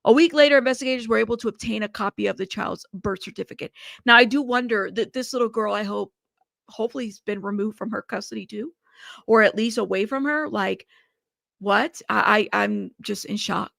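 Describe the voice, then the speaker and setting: A woman's voice: mid-range voice, a little fast, vocal fry, fairly bright tone, no echo, clean studio sound. A woman hosting a true crime news livestream, outspoken and indignant, speaking straight to her viewers and cursing freely. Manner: outspoken and indignant, cusses, talks to her chat directly. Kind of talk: livestream commentary on a news case.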